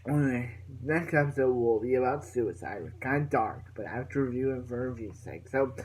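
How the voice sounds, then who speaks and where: A man's voice: medium pitch, a little fast, a little mellow, breathy edge, rough recording. A young man recapping a TV episode in a casual, rambling way, full of fillers and restarts. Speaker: reviewer.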